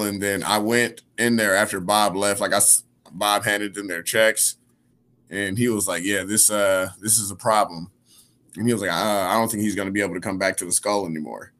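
A male comedian, a podcast guest, telling a slangy, animated story in casual chat. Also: lowish voice, moderate pace. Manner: animated, slangy, acts out quoted voices.

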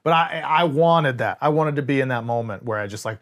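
A man's voice: medium pitch, a little fast, a bit bright. A man co-hosting a podcast, reviewing a film in casual, emphatic chat and swearing freely. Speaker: podcast co-host.

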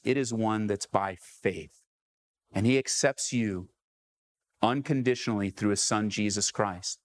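A man's voice: mid-range voice, no echo. A man preaching a sermon as pastor, emphatic and full of rhetorical questions to his listeners.

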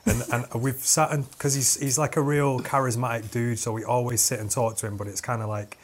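A man's voice: mid-range voice, flat delivery, brisk, slight background noise. A man, a podcast host telling a rambling story, swearing and laughing as he goes. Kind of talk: casual storytelling chat.

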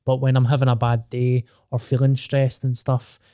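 A man's voice: medium pitch, monotone, normal speed, mellow, clean tone, dry recording. Scottish man, podcast host, casual sweary banter, dry close sound. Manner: blunt, sweary, joking.

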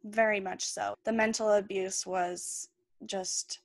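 A woman's voice: mid-range voice, level tone, slow pace, vocal fry, no room sound. A young woman, a podcast guest, earnestly recounting a personal story in candid, plain words.

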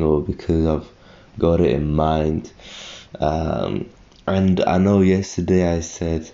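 A man's voice: a bass voice, gravelly, warm tone, muffled recording. A young man just out of bed, rambling and correcting himself in a casual solo podcast. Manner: rambling, self-correcting, thinking aloud. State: just woken up, tired.

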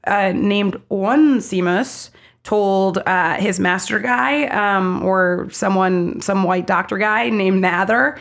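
A woman co-hosting a casual podcast, talking in a loose, chatty stream full of fillers. She sounds a little stuffed up from a cold. Her voice sits at a middle pitch. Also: slow pace, vocal fry. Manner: chatty, animated, lots of fillers. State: sick, slightly congested. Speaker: podcast co-host. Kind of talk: casual chat.

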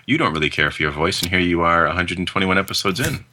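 A man's voice: low voice, animated, quick pace, bright, forceful tone, a little hiss or hum. A man co-hosting a film podcast in casual chat, enthusiastic and swearing freely. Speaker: podcast co-host.

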